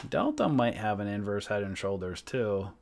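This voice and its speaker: A man's voice: fairly low pitch, sing-song, normal speed, creaky. A man hosting a trading livestream, thinking aloud in casual talk, trailing off and correcting himself.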